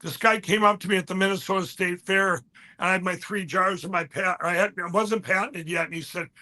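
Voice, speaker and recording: A man pitching his products in a casual chat, rambling with halting restarts and fillers. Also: steady tone, sharp tone. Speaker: guest, company founder.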